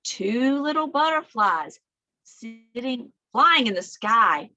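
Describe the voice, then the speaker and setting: A woman librarian reads aloud at children's storytime, swinging dramatically between soft whispers and high calls. She takes it slowly, and the audio sounds dull.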